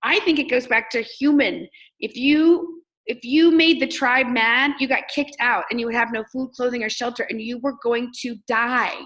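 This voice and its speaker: A woman's voice: a little high, steady tone, normal speed, fairly bright tone, low-quality recording. A woman from Texas, a comedian and coach, talking candidly in an interview, telling stories with lots of filler words. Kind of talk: casual interview chat.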